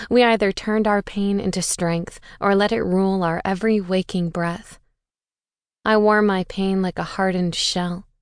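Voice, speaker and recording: A woman's voice: mid-range voice, no room sound, clean studio sound. A woman reading a first-person audiobook with an intense, bitter, dramatic delivery. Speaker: audiobook narrator.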